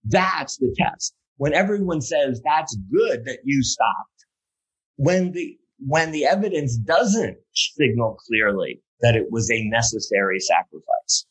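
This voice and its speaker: A man's voice: mid-range voice, expressive, a little slow, few pauses, a bit bright, slightly rough, low-quality recording. A man speaking as an interview guest, telling a story in a loose conversational way, full of fillers and restarts, then building to emphatic points. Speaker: guest speaker on safety culture.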